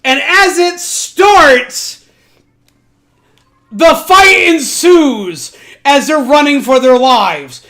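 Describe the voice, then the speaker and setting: A woman streamer casually retelling an anime plot, animated and full of profanity. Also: high-pitched, drawn-out words, pauses often.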